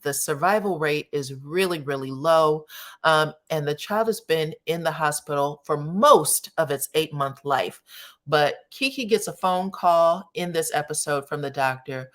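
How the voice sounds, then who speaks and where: A woman's voice: low voice, a little slow. A woman commentator casually recapping a reality show episode, chatty and sassy, talking straight to her viewers. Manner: chatty, addresses viewers as y'all, sassy asides.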